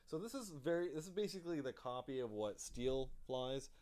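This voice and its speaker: A man's voice: mid-range voice, animated, fairly quick, a little mellow. A man hosting a casual live stream about his drone hobby from his home office, rambling through fillers and restarts as he speaks into a desk microphone. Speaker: drone hobby channel host.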